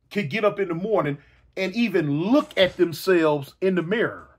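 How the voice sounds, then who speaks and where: Brief: middle-aged male storyteller, high voice, animated, hiccups. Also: slightly rough. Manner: animated, repetitive, with sound effects. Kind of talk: casual storytelling.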